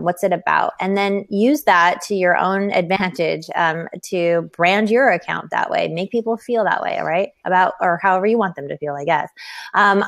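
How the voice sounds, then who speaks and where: A woman teaching a casual online webinar, talking in a loose, chatty way with plenty of fillers. She gets animated as she explains things. The sound comes through a webcam mic on a video call. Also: medium pitch. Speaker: yoga teacher giving a social media webinar.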